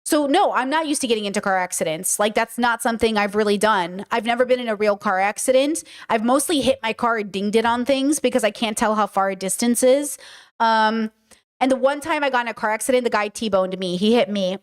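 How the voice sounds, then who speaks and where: A woman host chats to her stream audience in a casual, storytelling way. Her voice sits a little high, and her manner is blunt, animated and full of swearing. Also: a little fast.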